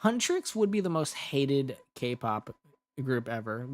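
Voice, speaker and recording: A man's voice: medium pitch, big pitch swings, slow pace. A young adult man, an ASMR creator, rambling casually with restarts while chatting on a livestream.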